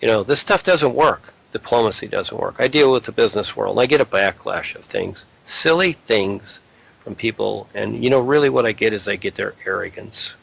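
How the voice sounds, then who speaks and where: A man's voice: lowish voice, expressive, normal speed, vocal fry, fairly bright tone, breathy edge, rough recording. A man giving a blunt, lecturing talk on spiritual matters. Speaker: spiritual speaker.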